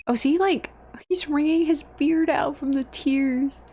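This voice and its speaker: A woman's voice: high voice, measured pace, darkish tone, slight background noise. Blunt, swearing woman streaming a game. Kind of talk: live game-stream commentary.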